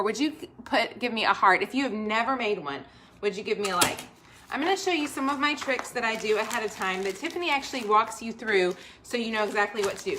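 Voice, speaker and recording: A woman's voice: on the high side, background noise. A woman hosting a live cooking stream, chatting upbeat and straight to her viewers while she cooks in her home kitchen. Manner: upbeat, talks straight to viewers, reads out comments. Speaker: host of a cooking livestream.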